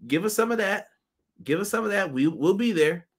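A man hosting a casual wrestling review chat, animated and joking, with a slangy manner. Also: high voice, a little fast, breathy edge. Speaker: podcast host.

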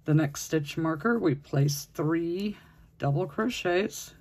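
Crochet teacher walking thru stitches, slow and a bit husky, counts out loud as they go. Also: mid-range voice. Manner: patient, counts stitches aloud while working. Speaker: crochet instructor. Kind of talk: step-by-step crafting tutorial.

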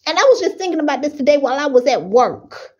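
Fervent woman preaching, bright high voice. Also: sing-song, quick pace, highs cut off. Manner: emotional, fighting tears, preaching with rising fervor. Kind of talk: impassioned preaching.

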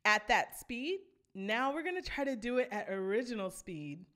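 A woman's voice: on the high side, sing-song, normal speed, a bit bright. A woman vocal coach, teaching vocal runs and singing short demonstrations between explanations. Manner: enthusiastic, breaks into sung demonstrations.

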